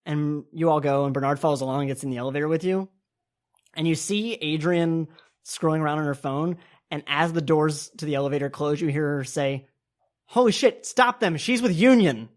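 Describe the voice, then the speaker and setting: A woman with a very low voice runs a tabletop game as game master. She narrates casually, with plenty of fillers. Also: fairly even intonation, brisk, a little mellow.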